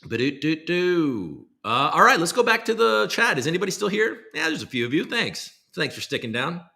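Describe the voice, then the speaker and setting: Bright-voiced casual male streamer. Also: high-pitched, big pitch swings, fairly quick, vocal fry. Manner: rambling, self-deprecating, swears casually. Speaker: livestream host. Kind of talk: casual livestream chat.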